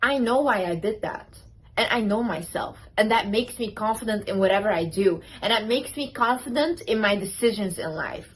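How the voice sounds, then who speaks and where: A woman's voice: mid-range voice, lively intonation, moderate pace, breathy edge, poor audio. A woman vlogger giving self-confidence advice in a casual, emphatic way, blunt and repeating words for stress. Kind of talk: casual direct-to-camera advice.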